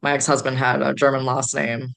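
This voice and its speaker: A woman's voice: extremely low pitch, level tone, brisk, gravelly, a bit bright. A woman from the Chicago area, a podcast guest, rambling through stories with many fillers. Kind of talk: casual podcast chat.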